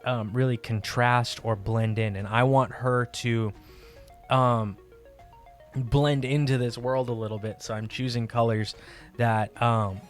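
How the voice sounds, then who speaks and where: Guy talking slow while he draws on stream, rambly, lots of ums, faint music behind. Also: mid-range voice. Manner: relaxed and rambling, many fillers, laughs often. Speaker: live art streamer. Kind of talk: casual chat while drawing.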